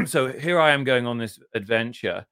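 A middle-aged man from southern England with an English accent, a podcast guest telling long, self-deprecating anecdotes in casual conversation and often clearing his throat. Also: medium pitch, lively intonation, moderate pace, fairly bright tone, dry recording, studio quality. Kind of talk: casual interview storytelling.

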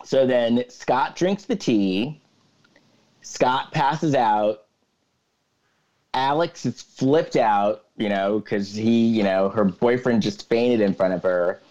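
A man co-hosting a podcast, casually recapping a movie plot in a calm, matter-of-fact way. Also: mid-range voice, slow pace, highs cut off. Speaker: podcast co-host.

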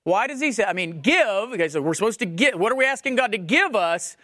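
Lively man preaching a sermon. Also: sits high, quick pace, dry recording, clean studio sound. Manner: emphatic, questioning, repeats phrases for stress. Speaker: pastor.

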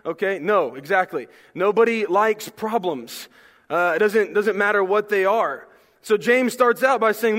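A young male pastor preaching a sermon in a church, talking in a relaxed, joking way and asking the congregation questions. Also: high-pitched, moderate pace. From American South. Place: church sanctuary. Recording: long hall reverb.

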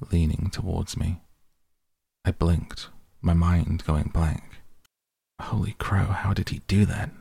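A man reading a novel aloud in first person, slow, even and deliberate. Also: sits low, gravelly, husky, dry recording. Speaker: audiobook reader.

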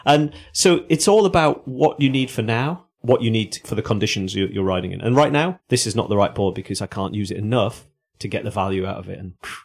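A man's voice: lowish voice, lively intonation, a little fast, creaky, a little mellow, slightly rough. A man co-hosting a surf podcast, speaking in an earnest, encouraging way. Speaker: podcast co-host. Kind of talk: casual chat.

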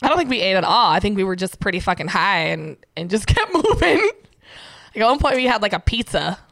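A woman chatting with a friend, telling stories with lively impressions, frequent laughter and cursing. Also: medium pitch, brisk, gravelly, dry recording. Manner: animated storytelling with laughter and cursing. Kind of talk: casual chat.

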